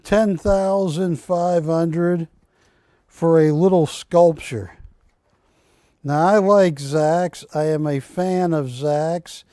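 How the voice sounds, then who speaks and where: Male shopping-channel host, unhurried and chatty, dark dry sound. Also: on the high side, steady tone, no room sound. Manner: rambling, jokey, self-correcting. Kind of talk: live sales pitch. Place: TV shopping studio.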